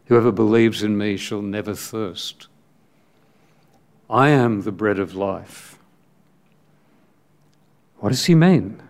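A man with a lowish, slightly mellow voice preaches a sermon, reading scripture as he goes. He speaks in measured, emphatic short phrases separated by long pauses.

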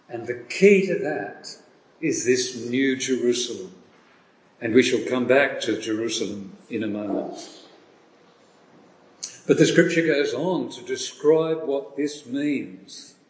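A man preaching a sermon, reading scripture aloud slowly and with emphasis. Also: mid-range voice. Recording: echoey hall with long reverb.

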